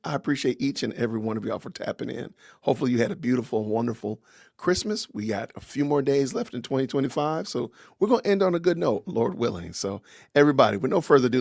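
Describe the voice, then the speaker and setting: An upbeat man hosting a podcast livestream, chatty and full of shout-outs to his viewers. His voice sits in a middle pitch with a gravelly, creaky edge, and the sound is close and dry. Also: animated, quick pace, no echo. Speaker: podcast host. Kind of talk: casual livestream interview.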